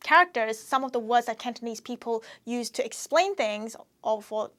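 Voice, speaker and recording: Host, woman, bright-leaning voice, casual explainer, chatty and relaxed. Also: on the high side, normal speed. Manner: chatty, explains language differences with examples. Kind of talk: casual educational chat.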